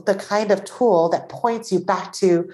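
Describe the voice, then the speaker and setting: A Taiwanese-born woman, an author and podcast guest, talking earnestly in an animated conversational way. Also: medium pitch, unhurried, poor audio.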